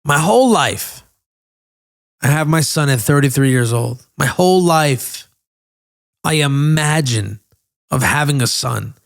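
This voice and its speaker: A man's voice: a little high, animated, unhurried, gravelly, long pauses. A man in his thirties hosting a podcast, telling a personal story in a candid, emotional way with frequent swearing. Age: 30s. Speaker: podcast host.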